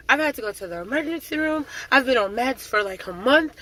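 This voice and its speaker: Chatty, dramatic woman with a bright voice. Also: sits high, animated, fast, few pauses. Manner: chatty and dramatic, with frequent fillers. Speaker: drill sergeant. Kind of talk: casual vlog chat.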